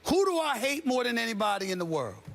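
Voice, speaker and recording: A man's voice: extremely high pitch, big pitch swings, quick pace, gravelly, fairly bright tone. A man in his forties hosting a sports debate show, ranting with emphatic sarcasm. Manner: emphatic, sarcastic, sometimes mock-singing. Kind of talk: heated sports debate rant.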